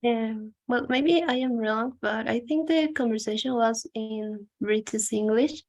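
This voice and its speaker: A woman's voice: a little high, unhurried, darkish tone. A female student on a video call, asking the teacher a question in a tentative, polite way. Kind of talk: asking in class.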